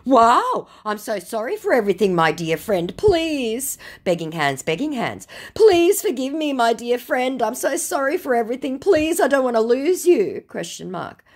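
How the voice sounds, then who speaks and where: Woman playing a fawning male scammer, high-pitched and pleading, drawn-out and syrupy. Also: big pitch swings.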